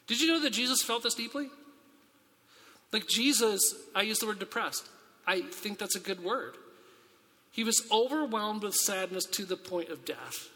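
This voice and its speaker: Bright, high-voiced man preaching in a reverberant hall. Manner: earnest, conversational, rhetorical questions, restarts. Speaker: pastor. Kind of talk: sermon with scripture reading.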